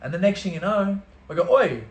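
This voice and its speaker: A young man telling an animated, slangy story full of swearing, as a vlogger. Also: sits high, fast, echoey room. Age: young adult. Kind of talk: storytelling vlog.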